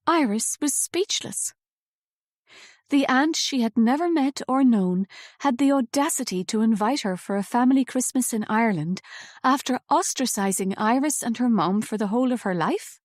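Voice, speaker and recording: A woman reading a novel aloud as an audiobook narrator, in a measured, even storytelling manner on a close studio mic. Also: a little high, no room sound.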